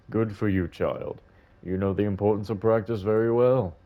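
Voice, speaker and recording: A man voicing a kindly, gentle older man in a record store scene of a video game. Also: lowish voice, highs cut off. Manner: gentle and unhurried.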